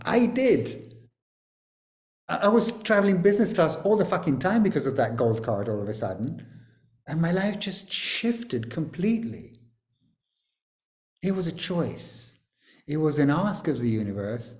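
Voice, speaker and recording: A man leading a group video call, talking in an animated, joking and teasing way, sometimes swearing. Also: a little high, echoey room. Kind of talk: energetic coaching talk on a video call.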